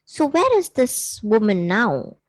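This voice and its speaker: A woman voicing a calm, wise monk in a spoken parable, asking gentle questions. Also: on the high side, slow, no room sound, exaggerated voice.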